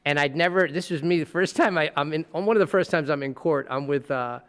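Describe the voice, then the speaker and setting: A man with a notably high voice spins a lively courtroom anecdote, acting out the people in it. He speaks as a trial lawyer in easygoing podcast conversation. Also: fast talker. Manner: animated, acting out courtroom scenes. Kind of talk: storytelling in casual podcast chat.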